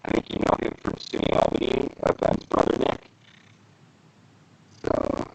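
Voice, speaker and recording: A man's voice: quick pace, background noise. Man's voice through a robot filter. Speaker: host. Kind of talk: casual podcast chat. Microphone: video call.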